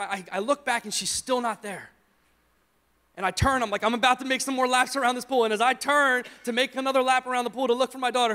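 Young man, pastor, high voice, animated storytelling sermon, church hall reverb. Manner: animated storytelling, acts out his own shouts. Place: church sanctuary.

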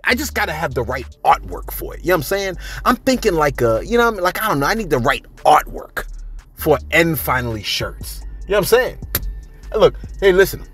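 Male gossip host, slightly high voice, very lively pitch, casual rambling delivery. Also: breathy edge. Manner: rambling, reads viewer comments, frequent "you know what I'm saying". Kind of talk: casual chatty commentary.

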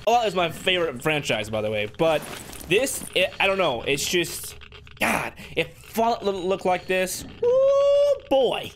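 Young male gamer host, excitable and jumpy, higher voice with a swooping range, loud game sound behind. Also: normal speed, slight background noise. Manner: excitable, jumpy, shouting when startled. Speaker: gaming video host. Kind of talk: let's play commentary.

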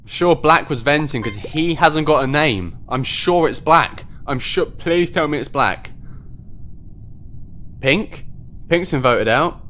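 A man giving excitable live commentary on his own gameplay, quick to get worked up and swear at other players. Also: fairly high pitch, a little hiss or hum. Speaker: gaming video host.

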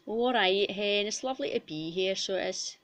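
A woman's voice: medium pitch, normal speed, voice pushed up, natural voice. A woman voicing a foul-mouthed female cow mascot with a Scottish accent, boisterous and rowdy in a comic puppet interview. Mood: excited.

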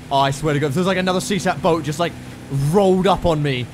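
An Australian man giving casual, sweary gameplay commentary with sudden shouted outbursts. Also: a little high, fast talker, a little hiss or hum. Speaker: gaming streamer.

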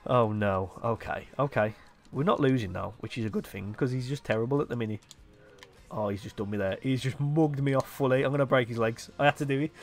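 A young man giving excitable live commentary on his own football video game match, dropping to low mutters between sudden loud outbursts. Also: a little fast. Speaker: gaming YouTuber.

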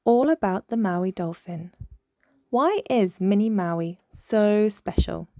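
Woman storyteller reading a picture book, slow and very expressive, dry close recording. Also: mid-range voice, no room sound. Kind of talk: children's picture-book read-aloud.

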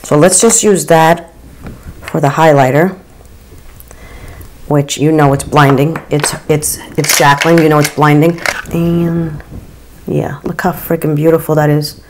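Low-voiced lady doing a makeup get ready with me, gushy and chatty, a little hiss. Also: a little slow, pauses often. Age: 40s or 50s. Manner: chatty and gushing, frequent excited oohs. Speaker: beauty vlogger.

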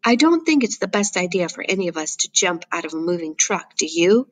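A woman's voice: fairly low pitch, sing-song, a little fast, no room sound. A woman voicing a confident young girl who explains wound care, slightly lighter than her narration. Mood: arguing. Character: young girl who knows medicine, brisk and sure.

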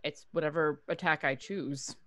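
A woman playing in a tabletop game, chatting about rules with quick, wry remarks. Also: low-pitched, steady tone, fairly bright tone, slight background noise. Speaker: player. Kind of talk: casual game chat.

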